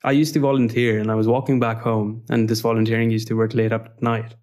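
A young man telling personal stories in a relaxed podcast chat. His voice sits at a middle pitch, and he talks in an animated, humorous way, sprinkling in "like" often. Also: fast. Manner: animated, humorous, frequent "like" fillers. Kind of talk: casual storytelling conversation.

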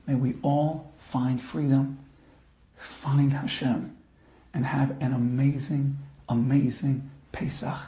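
A man, a rabbi, slowly and earnestly closing his holiday talk with a blessing. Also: mid-range voice, level tone, mellow, roomy sound.

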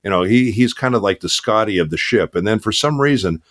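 A man with a lowish voice talks casually in an interview. He tells stories from his voice acting work in a loose, rambling way, full of "uh" and restarts. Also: lively intonation, fairly quick, fairly bright tone. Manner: chatty storyteller with many fillers and restarts. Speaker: voice actor guest.

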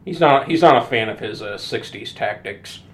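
A man's voice: medium pitch, animated, normal speed. A man co-hosting a podcast, adding sarcastic asides about a movie. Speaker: podcast co-host. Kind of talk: casual movie chat.

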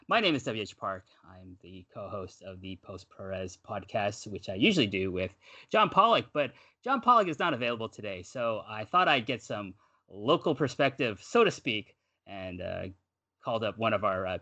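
Lively, bright-voiced Canadian man. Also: on the low side. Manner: rambling, animated, self-correcting. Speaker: podcast co-host. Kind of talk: casual podcast chat.

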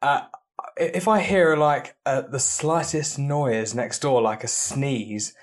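A man's voice: mid-range voice, slow. A man with an English accent co-hosting a podcast, talking in a dry, teasing way with frequent restarts. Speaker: podcast co-host. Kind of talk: casual chat.

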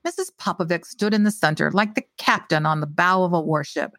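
Woman, audiobook narrator, wry, steady, first-person mystery, dry close mic. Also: fairly low pitch, brisk, dry recording.

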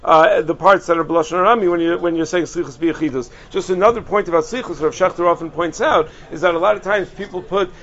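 A man teaching an informal lesson on Jewish law in a conversational way, often pausing with fillers and restarting his sentences. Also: a little high, fairly bright tone, muffled recording. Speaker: rabbi teaching halacha.

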